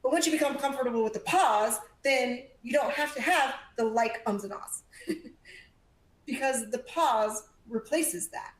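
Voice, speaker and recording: Emphatic female speaking coach, higher voice, roomy presentation hall sound. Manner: energetic and emphatic, varies volume and pace, uses pauses. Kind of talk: presentation to a live audience. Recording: echoey room.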